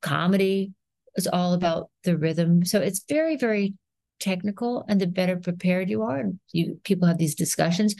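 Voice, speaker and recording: A woman in her sixties, an actress, talking as a guest in a podcast interview, telling stories in an animated way and acting out rhythms and sounds. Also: on the low side, normal speed, vocal fry, no room sound. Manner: animated storyteller, acts out rhythms and voices.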